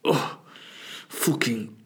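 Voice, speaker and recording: A man's voice: very slow, fairly bright tone. A man acting out a straining, cursing man on a toilet in a strained, groaning whisper.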